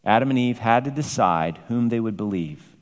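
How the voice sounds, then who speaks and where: A man's voice: medium pitch, expressive, moderate pace. A man preaching a sermon with emphatic, varied delivery, rising to exclamations. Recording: long hall reverb.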